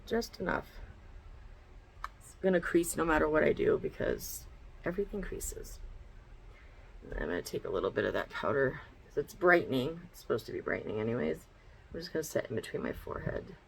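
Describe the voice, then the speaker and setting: A woman's voice: sits low, very animated, a little fast, vocal fry, rough recording. A woman chatting bluntly in a casual makeup vlog at home, swearing freely as she talks through each step. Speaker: beauty vlogger. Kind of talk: casual get-ready-with-me chat. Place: her bedroom at home.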